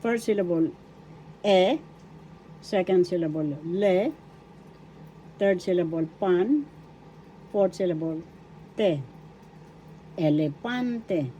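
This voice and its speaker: Slow low-ish filipino lady teaching tagalog, says each word syllable by syllable, faint hum behind. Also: warm tone, rough recording. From Philippines. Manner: repeats words syllable by syllable. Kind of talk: slow, deliberate language lesson. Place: home kitchen.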